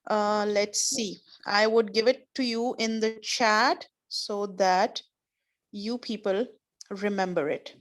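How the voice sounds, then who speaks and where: A woman's voice: medium pitch, fairly even intonation, slow pace. A woman teaching an online class over a video call, explaining words patiently with examples and encouraging her students.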